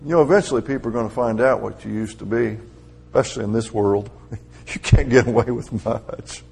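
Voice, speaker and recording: Middle-aged male preacher, husky and gravelly, conversational delivery with emphatic swells. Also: medium pitch, fairly quick, darkish tone. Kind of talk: sermon.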